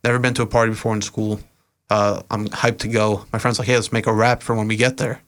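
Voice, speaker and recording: A young adult man speaks in a slightly low voice, chatting casually as a guest on a podcast. He tells long stories at an easy pace, full of "uh"s and small restarts, loose and unhurried. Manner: relaxed, rambling, many "uh" fillers. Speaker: podcast guest, event organizer and rapper. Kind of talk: casual interview storytelling.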